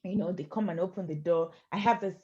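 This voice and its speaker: A woman's voice: on the low side, fast talker, dark tone, highs cut off. A woman in her forties hosting an interview, chatty and playful, teasing her guest. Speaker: host.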